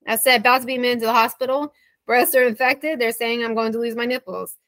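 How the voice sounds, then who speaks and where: A woman's voice: on the high side, steady tone, fast, a bit bright, no echo. A woman in her thirties, a guest recounting a bad experience, quoting messages back and forth with a wry, exasperated manner. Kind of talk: interview storytelling.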